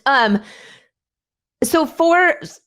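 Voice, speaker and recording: A woman's voice: high-pitched, lively intonation, extremely slow, fairly bright tone. A woman hosting a podcast, asking her guest loose, curious questions in casual chat. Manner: curious, asks rambling questions. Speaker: podcast host.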